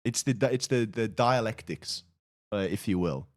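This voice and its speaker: A man's voice: fairly low pitch, lively intonation, moderate pace. A young man co-hosting a livestream, joking and teasing in casual banter. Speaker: streamer, co-host.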